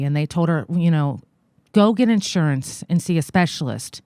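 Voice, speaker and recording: An American woman in her forties, a guest in an interview, telling a personal story in a halting, earnest way with many fillers. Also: on the low side, lively intonation, a little mellow, no echo, clean studio sound. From United States. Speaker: guest, congressional candidate.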